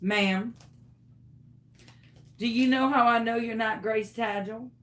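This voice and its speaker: A woman voicing a curt phone clerk who answers in a lower, flatter voice than her own and speaks firmly and matter-of-factly. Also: takes it slowly.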